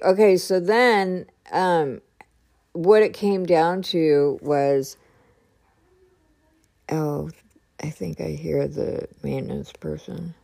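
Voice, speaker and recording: A woman's voice: deep voice, darkish tone. A woman telling a story in a casual podcast monologue, acting out both sides of a conversation and laughing now and then. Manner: chatty, retells dialogue with lots of "I go" and "he's like", laughs often. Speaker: podcast host. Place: at home.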